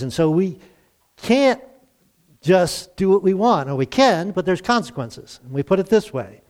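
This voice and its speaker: A man's voice: fairly high pitch, a little mellow. An older man, a pastor, preaching a conversational sermon to a congregation and asking them to respond. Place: church service.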